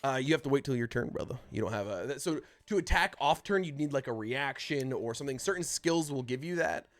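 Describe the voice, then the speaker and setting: A man running a tabletop game as game master, narrating combat and explaining rules in a casual, halting way full of restarts. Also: medium pitch, animated.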